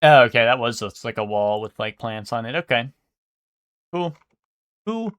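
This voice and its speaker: A man's voice: mid-range voice, animated, moderate pace, a bit bright, dry recording, studio quality. A young man streaming live, thinking aloud and guessing in casual, swearing chatter.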